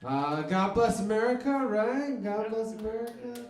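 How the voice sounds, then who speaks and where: A man of Mexican background doing a deadpan stand-up set in a comedy club. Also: high-pitched, a little slow. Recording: echoey club room.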